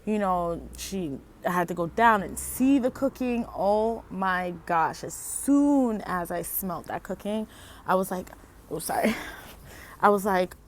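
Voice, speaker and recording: A woman's voice: medium pitch, animated, slow, a little hiss or hum. Rambling woman vlogging outdoors at night. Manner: rambling, laughing, self-interrupting. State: high. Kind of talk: casual chat.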